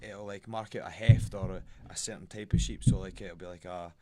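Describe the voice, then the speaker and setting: A man's voice: low-pitched, fairly even intonation, a little fast, darkish tone. A young Scottish man, a fighter, chatting casually as a podcast guest and telling rambling stories in broad colloquial speech. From Scotland.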